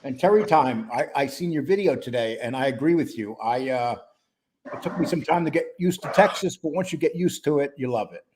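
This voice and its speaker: A man hosting a casual live-stream show, greeting chat viewers by name in a relaxed, rambling way. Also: mid-range voice, a little fast, noisy background. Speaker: host.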